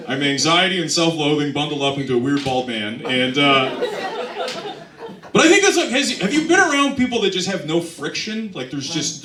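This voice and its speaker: Stand-up comic, young man, lively and bright, self-deprecating and rambling; heard from a distance in an echoey club. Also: a little high. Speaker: stand-up comedian. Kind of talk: stand-up comedy set. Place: comedy club stage. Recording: roomy club sound from a distance. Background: audience laughter.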